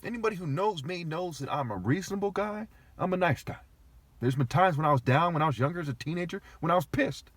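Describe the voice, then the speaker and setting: A man's voice: on the high side, animated, fast, no room sound. A man talking straight to the camera in an agitated, argumentative rant, swearing heavily and sounding aggrieved. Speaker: vlogger. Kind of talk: agitated ranting monologue.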